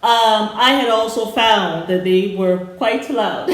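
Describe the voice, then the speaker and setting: Soft-spoken woman in an echoey room. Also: mid-range voice, takes it slowly, few pauses, a little hiss or hum. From Sierra Leone. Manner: rambling, many fillers and restarts. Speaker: co-host reviewing a docuseries. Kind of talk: casual storytelling.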